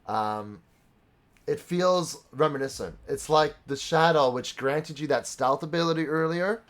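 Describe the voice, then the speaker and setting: At a measured pace and a slightly high pitch, a young dungeon master hosts a live-streamed tabletop game. He combines casual banter with dramatic narration, heard through a streaming microphone.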